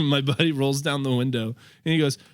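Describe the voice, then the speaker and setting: A man's voice: medium pitch, fairly even intonation, fairly quick, clean tone, dry recording, studio quality. A man on a comedy podcast telling a rambling story in casual chat, laughing as he goes. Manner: rambling, laughs through his own story. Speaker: podcast co-host.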